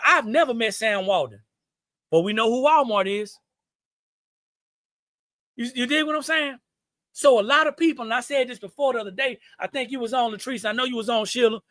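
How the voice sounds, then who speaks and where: Preachy Southern man, high and bright. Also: dry recording, clean studio sound. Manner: preachy and folksy, repeats points, addresses viewers as y'all. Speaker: business owner hosting a live stream. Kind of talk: motivational business talk on a live stream.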